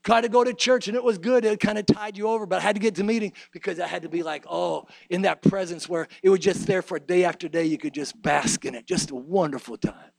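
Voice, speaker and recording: A man preaching a sermon, swinging between hushed low asides and shouted, sing-song preaching. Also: fast, gravelly, few pauses, no echo.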